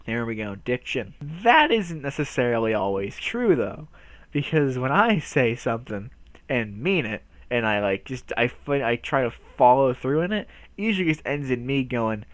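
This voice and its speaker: A man's voice: mid-range voice, very animated, normal speed, no room sound. A young man rambling through a casual video, goofy and self-mocking, often stumbling and restarting his words. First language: English. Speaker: video host.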